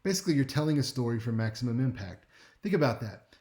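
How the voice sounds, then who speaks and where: A man teaching a speech class in a relaxed, conversational lecture, with wry asides and frequent check-ins with his listeners. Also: mid-range voice, fast talker. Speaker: speech instructor.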